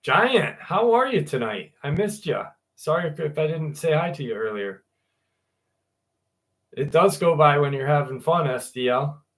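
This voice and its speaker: Male live-stream host, casual and jokey, bright tone, somewhat high voice. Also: very animated, a little slow. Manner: loose and chatty, swears and laughs easily. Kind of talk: casual sign-off chat with viewers.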